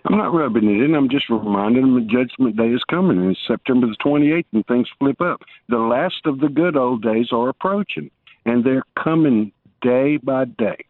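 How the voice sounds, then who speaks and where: A man's voice: medium pitch, lively intonation, normal speed, no room sound. A man calling in to a talk show, rambling, restarting his sentences and teasing the host good-naturedly. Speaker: caller. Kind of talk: casual call-in banter. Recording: tinny phone line.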